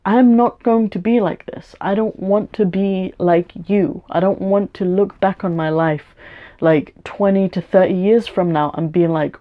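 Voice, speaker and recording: A woman's voice: mid-range voice, unhurried. A young woman venting frankly in a personal vlog, swearing often and rambling with restarts. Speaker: vlogger. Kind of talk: personal rant to camera. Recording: dull lo-fi home video audio.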